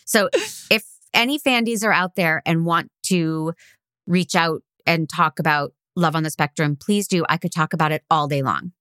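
A woman's voice: sits low, moderate pace, a bit bright, no room sound. A woman co-hosting a podcast in casual chat, earnest and gushing, close to tears with enthusiasm. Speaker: podcast co-host.

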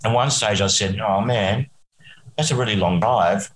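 A man's voice: fairly low pitch, moderate pace, reverberant, rough recording. An Australian man, a musician guest, rambling through a story and chuckling often. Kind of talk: casual anecdote telling.

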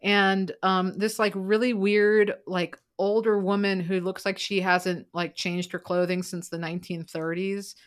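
A woman hosting a casual podcast chat, rambling with fillers and bursting into loud quoted lines. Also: medium pitch, little pitch movement, a little slow, few pauses, clear, resonant tone. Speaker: podcast host.

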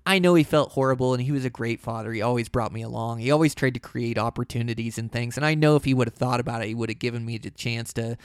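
A man's voice: mid-range voice, quick pace, hardly any pauses, clear, resonant tone, dry recording. Dry-voiced man telling a hunting story. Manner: rambling, full of "you know" and "like". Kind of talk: casual storytelling.

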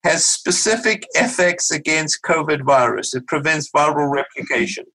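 A middle-aged man with a South African accent, a physician guest explaining medical ideas in a measured, patient way on a podcast interview. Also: fairly high pitch, bright, forceful tone, low-quality recording. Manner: measured, explanatory, with small restarts.

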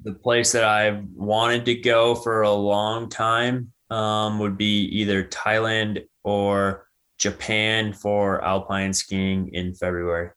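A man's voice: on the low side, slow, clean tone. A young man answering interview questions casually, with lots of "um" and "you know". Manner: relaxed, many "um" and "you know". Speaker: interview guest, athlete.

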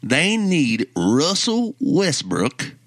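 A man's voice: on the high side, huge pitch swings, drawn-out words, no room sound, clean studio sound, voice pushed up, heavily acted. A man voicing a ranting Southern sports-talk radio man with a Southern US accent, preachy and scolding. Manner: preachy, scolding, rising to loud rants. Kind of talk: mock sports-talk rant.

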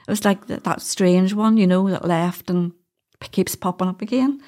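A middle-aged woman with a Northern Irish accent talks in a relaxed, chatty way, her voice sitting a little low. She tells stories in long rambling runs, dropping in little laughs. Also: moderate pace. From Northern Ireland. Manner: chatty storyteller, laughs often, uses "wee". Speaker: doula, podcast guest. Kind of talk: casual interview chat.

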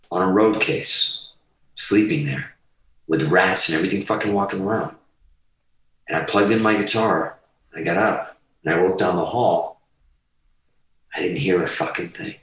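A man's voice: sits low, fairly bright tone, reverberant, recorded from a distance, rough recording. A man telling his story as a podcast guest, emphatic and rambling and swearing freely. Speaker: guest musician. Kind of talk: candid storytelling in a podcast interview.

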